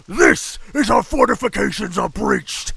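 A man growling as a gravelly orc warlord. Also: sits high, animated, a little slow, bright, forceful tone, pitched above the performer's own voice, full character voice. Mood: domineering. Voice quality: gravelly, rough. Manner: barking, contemptuous commands. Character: brutal orc warlord, male adult, huge, domineering. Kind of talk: audiobook character voice.

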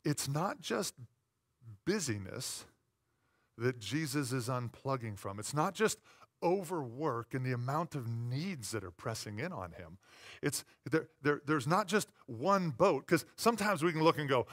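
A man preaching a sermon as pastor, conversational and playful, dropping to quiet asides and rising to loud, emphatic repetition. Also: medium pitch, sing-song, unhurried.

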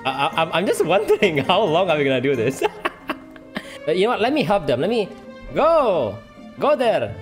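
A streamer giving excitable live gameplay commentary, full of trash talk, laughter, repeated taunts and non-native English grammar. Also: medium pitch, normal speed, soft background music. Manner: taunting, repeats short phrases.

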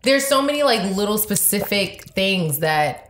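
A woman's voice: mid-range voice, expressive, a bit bright. A woman co-hosting a podcast, an actress chatting casually and teasing her co-host. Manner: teasing, wry, drawn-out pauses. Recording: roomy echo with faint noise.

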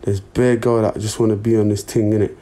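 Mellow-voiced young man streaming. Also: on the low side, level tone, brisk. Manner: laid-back, slangy, talks to his chat. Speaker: livestreamer. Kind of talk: casual livestream chat.

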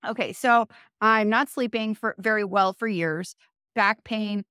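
A woman guest on an interview, telling her story in a loose, chatty way and restarting her sentences as she goes. Her voice sits at an ordinary middle pitch. The sound is dry and close, with no room echo. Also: fairly even intonation, measured pace, bright, forceful tone, clear, resonant tone. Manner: chatty, frequent fillers and self-corrections, laughs often. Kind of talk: casual conversational storytelling.

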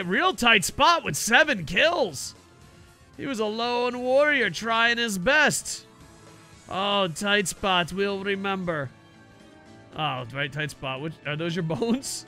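A man streaming a video game, chatting to viewers in excitable, profane, jokey banter. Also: high voice, vocal fry. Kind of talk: casual game streaming commentary.

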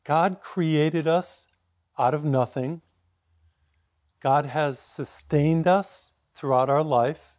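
A man in his sixties from Massachusetts, a priest giving a sermon in a steady, reflective storytelling way. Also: fairly high pitch.

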